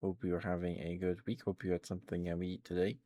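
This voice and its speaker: A sleepy young man streaming ASMR, chatting softly and gently in a rambling way. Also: deep voice, little pitch movement, fast, slight background noise. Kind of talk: soft ASMR chat.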